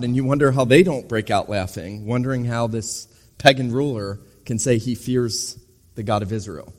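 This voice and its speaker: A man's voice: medium pitch, normal speed. A middle-aged or older man preaching an earnest expository sermon that builds to emphatic urgency. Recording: reverberant hall.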